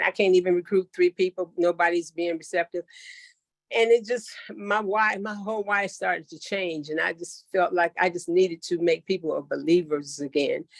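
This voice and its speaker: A woman's voice: on the low side, no echo, clean studio sound. Earnest woman sharing a heartfelt testimonial. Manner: earnest, heartfelt, many fillers. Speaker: network marketing member sharing her story. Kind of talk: emotional testimonial on a call.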